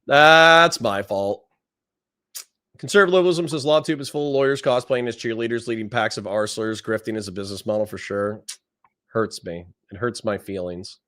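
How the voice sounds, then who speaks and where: A man's voice: on the low side, fairly quick. Blunt, profane young streamer guy. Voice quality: profane, blunt, repeats phrases for effect. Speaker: streamer reading chat. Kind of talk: casual livestream commentary.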